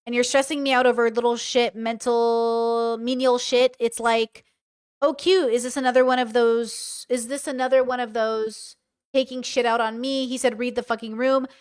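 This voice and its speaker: A woman's voice: on the high side, level tone, moderate pace, clear, resonant tone. Sarcastic woman reacting to text messages. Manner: sarcastic, incredulous, swears freely. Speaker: commentary host. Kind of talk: reaction commentary, reading texts aloud.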